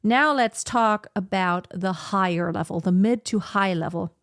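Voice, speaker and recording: A woman teaching a singing lesson, who explains calmly and then demonstrates scales on single syllables. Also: mid-range voice, measured pace, over music. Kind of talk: vocal lesson with sung demonstrations.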